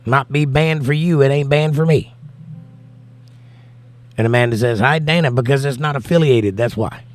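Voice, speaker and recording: Reading his chat aloud and replying, an American man hosts a laid-back livestream while exhausted from a night without sleep. He speaks at a moderate pace in a mid-range voice.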